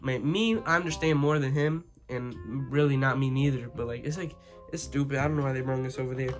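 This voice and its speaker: A man's voice: medium pitch, fairly even intonation, brisk, faint music behind. A young man telling a school story in a casual, rambling, profane way, full of "you know what I'm saying.". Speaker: vlogger.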